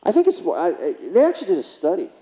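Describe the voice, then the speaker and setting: A man's voice: high-pitched, wildly swooping pitch, fast, warm tone. Man telling stories to a hall. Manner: storytelling, asks the audience questions. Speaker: keynote speaker, former paramedic. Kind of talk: motivational keynote speech with stories. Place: large conference hall. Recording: reverberant hall, dull lo-fi sound.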